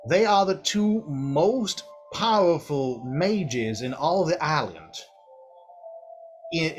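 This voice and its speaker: A man voicing a bossy, proud female dragonborn wife who talks in a sharp, scolding redneck drawl. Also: on the high side.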